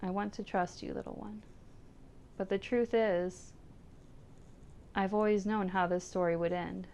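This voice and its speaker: A woman reading aloud as a grieving woman saying goodbye to her old cat, in a soft, tender, pleading way. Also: medium pitch, fairly even intonation, a little slow, slight background noise, close to an everyday voice. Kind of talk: reading visual novel text aloud.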